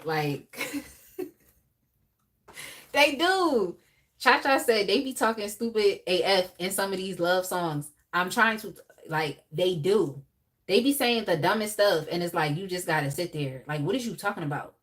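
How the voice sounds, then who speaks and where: A young adult woman hosting a live tarot reading, talking in a casual, animated way with laughs and chatty asides. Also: lowish voice, measured pace. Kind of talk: casual live-stream chat.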